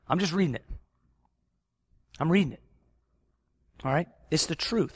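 A man's voice: fairly high pitch, expressive, moderate pace, pauses often, husky, no room sound. Emphatic preaching man, dry sound. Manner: swings between loud emphatic preaching and quiet intensity. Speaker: pastor. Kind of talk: sermon.

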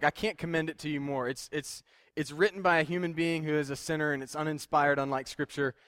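A man's voice: on the high side, fairly bright tone, no echo, studio quality. Plain-spoken young man preaching a casual sermon. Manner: plain-spoken, self-deprecating, conversational with many fillers.

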